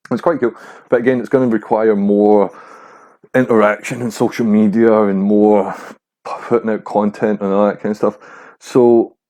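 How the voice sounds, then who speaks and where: A man's voice: on the low side, warm tone. A young man hosting a casual solo podcast, rambling and swearing freely with a self-mocking streak. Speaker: podcast host.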